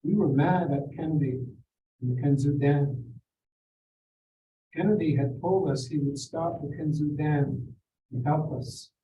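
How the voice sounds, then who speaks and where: An older Seneca man telling personal stories at a community forum in a measured, reflective way. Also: on the high side, mellow, lo-fi sound, slight background noise. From Seneca Nation. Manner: measured, reflective, quotes people in acted voices. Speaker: forum speaker. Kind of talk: personal storytelling. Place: school district forum room. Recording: roomy, distant mic with faint ambience.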